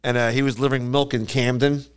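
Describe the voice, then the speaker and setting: A man co-hosting a podcast, telling animated stories in casual chat and jumping into higher voices for the people he quotes. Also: fast talker, clean tone. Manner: animated storyteller who jumps into high voices for quoted people. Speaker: podcast co-host.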